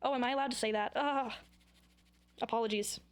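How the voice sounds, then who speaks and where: Young female vlogger, a bit high-pitched, rambling and silly to camera. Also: steady tone, brisk, slight background noise. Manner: rambling, goofy, self-mocking. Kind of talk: casual chat to camera.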